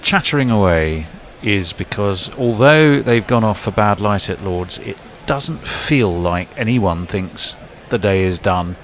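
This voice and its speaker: A man's voice: fairly low pitch, lively intonation, a little slow, few pauses, a little hiss or hum. A man, a cricket commentator chatting casually and joking with a chuckle.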